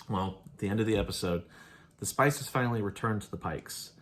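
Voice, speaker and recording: Over slight background noise, a show host with a voice on the low side recaps an episode at a moderate pace. He keeps it casual and rambling, often laughing as he loosely quotes the characters.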